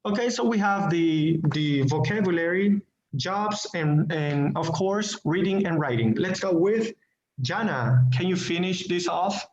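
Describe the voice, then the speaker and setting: In echoey, dull online-class audio with a little hiss or hum, a Spanish-speaking man teaching English talks in a high-pitched, animated way. He goes slowly and deliberately, repeating words while he looks for the next one.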